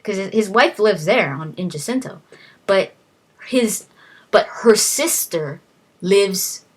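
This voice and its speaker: A young woman casually retelling a novel's plot, rambling and quoting the characters with "he's like" as she goes. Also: fairly low pitch. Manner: rambling, quotes characters with "he's like", frequent restarts.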